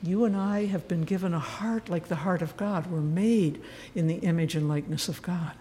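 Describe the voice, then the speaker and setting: A woman speaking as a retreat leader, sharing a personal story gently and earnestly, with self-deprecating humor. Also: on the low side, moderate pace, slight background noise. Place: church. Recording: long church reverb.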